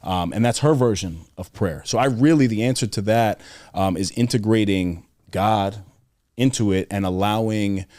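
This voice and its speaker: Earnest man telling stories, fairly low voice. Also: normal speed, darkish tone, no room sound, clean studio sound. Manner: earnest, storytelling with many fillers and restarts. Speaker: podcast guest. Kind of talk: casual interview conversation.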